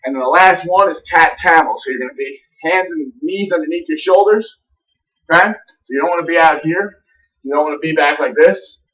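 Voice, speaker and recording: A man working as a fitness trainer, demonstrating a warm-up routine and checking in often with a quick "okay?", breathing a little heavy from the exercise. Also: fairly high pitch, distant mic, rough recording.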